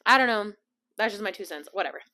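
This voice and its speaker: A young woman hosting her own podcast, chatting casually about a trip, animated and laughing, acting out other people's lines. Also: mid-range voice, fast talker. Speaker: podcast host. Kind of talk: casual storytelling chat.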